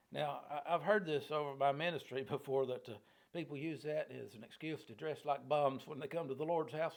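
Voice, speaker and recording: A man's voice: fairly high pitch, fairly even intonation, fairly quick, gravelly. A middle-aged man, a pastor, teaching a Bible study in a folksy, homespun way of talking. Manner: folksy, homespun plain talk.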